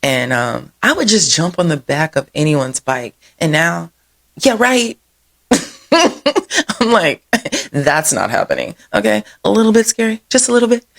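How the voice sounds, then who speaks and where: A woman host with a low voice and a gravelly, fry-edged texture. She runs through local happenings in a loose, chatty way. She wanders into side stories, laughs easily and keeps saying "y'all". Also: animated, unhurried, long pauses. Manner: rambling, digressive storytelling; says "y'all" often. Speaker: host of a local events show. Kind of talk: casual chatty event rundown.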